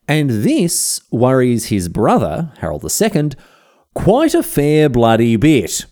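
A man's voice: mid-range voice, warm tone. An Australian man hosting a history podcast, telling the story in a chatty, slangy way. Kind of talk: casual history narration.

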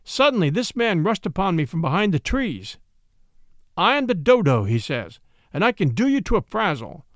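A man voicing a gleeful, scheming middle-aged gentleman who protests with theatrical mock indignation. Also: high voice, very animated, normal speed, dry recording, clean studio sound. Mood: mock innocent.

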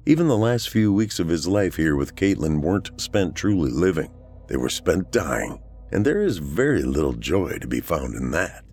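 A man reading a horror story aloud as the show's narrator, in a measured storytelling manner. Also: deep voice, sing-song, a little mellow, husky, faint music behind.

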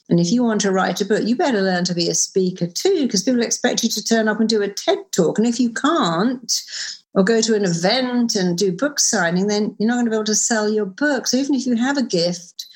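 A middle-aged woman talks as an interview guest, mid-pitched and lively. She stresses her points emphatically and tells stories with quick asides. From United Kingdom. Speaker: therapist and author, guest. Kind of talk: conversational interview.

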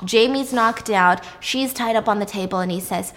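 Animated young woman retelling a movie. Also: medium pitch, normal speed, big-room sound. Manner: animated, swears casually. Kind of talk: casual film plot recap.

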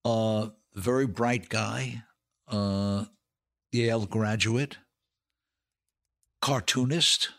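An older man with a bright, clear voice, spinning stories as a podcast guest. He tells them in an animated, anecdotal way and chuckles at the punchlines. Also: on the low side, extremely slow, pauses often. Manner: anecdotal, animated storyteller who laughs through punchlines. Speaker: guest actor and comedian. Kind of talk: storytelling in a podcast interview.

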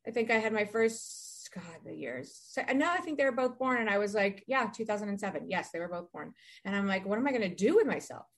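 A woman in her forties, a podcast guest chatting casually and telling rambling, animated stories with many restarts. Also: mid-range voice, fast talker. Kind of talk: casual chat.

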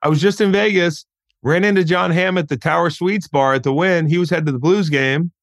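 A man's voice: on the high side, fairly quick, no room sound, clean studio sound. A man guesting on a podcast, chatting in a laid-back way, swearing and saying "dude" a lot. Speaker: podcast guest, former football player. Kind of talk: casual chat.

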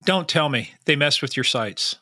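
A man hosting a conversational interview, asking quick, probing questions. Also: a little high, lively intonation, pushed and bright, dry recording, studio quality. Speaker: podcast host.

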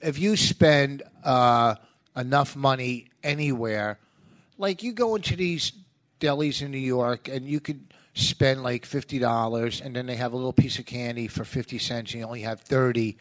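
A man's voice: medium pitch, normal speed, fairly bright tone. A man, a comedian guest, talking emphatically in casual podcast chat and often cutting in with "listen". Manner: emphatic, rants with repeated "listen".

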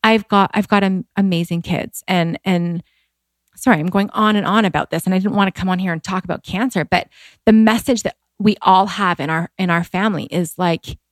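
A woman's voice: fairly low pitch, fairly even intonation, brisk, dry recording. A woman in her forties, a guest telling personal stories in candid, heartfelt conversation, with many fillers and a voice that rises when she is moved. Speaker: podcast guest.

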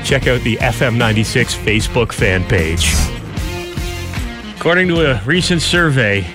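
A man's voice: mid-range voice, expressive, moderate pace, over music. A man hosting a radio show, bantering and joking and laughing often in a studio. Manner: jokey, laughs often, does silly voices. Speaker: radio host.

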